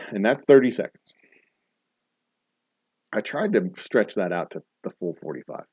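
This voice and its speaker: A man's voice: lowish voice, animated, a little slow, a little mellow, breathy edge, no echo. A man hosting a casual trivia night, reading out answers and rambling into dad jokes and asides. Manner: jokey, rambling dad-joke storyteller. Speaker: trivia host. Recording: dull, dry lo-fi sound.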